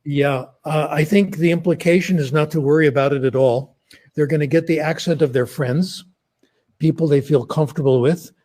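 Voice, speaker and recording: Older man with a mellow, warm tone and a slightly husky edge, talking in an easygoing, anecdotal way. He makes academic points through conversational stories. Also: a little high, steady tone, moderate pace. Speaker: guest speaker.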